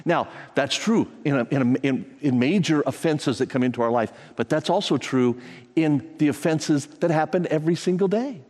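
A man preaching a sermon as a pastor, talking to the congregation in a conversational way and acting out scripture stories with lively energy. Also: fairly high pitch, normal speed. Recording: long reverb of a large hall.

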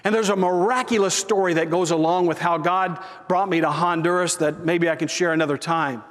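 A man's voice: a little high, fairly even intonation, a little fast, a bit bright, in a large hall. A man preaching a sermon, telling a mission story earnestly and asking the congregation for agreement. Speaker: pastor.

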